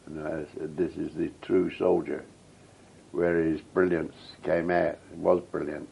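Gravelly old man reminiscing. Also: low-pitched, level tone, moderate pace, muffled recording. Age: older. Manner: rambling, reminiscing storyteller. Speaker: veteran interviewee. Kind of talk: oral history interview.

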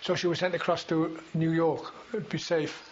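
An older man reminisces in a rambling, unhurried way, often pausing on fillers and restarting his sentences. His voice sits a little high for a man. The recording is dull and lo-fi, with a faint hiss. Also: flat delivery. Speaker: veteran interviewee. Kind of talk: oral history recollection.

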